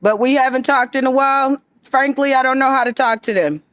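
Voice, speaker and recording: A woman's voice: high-pitched, fairly quick, a bit bright, no room sound, studio quality. A woman giving an emphatic, confrontational monologue straight to her viewers. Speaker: vlogger addressing viewers. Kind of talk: direct-to-camera monologue.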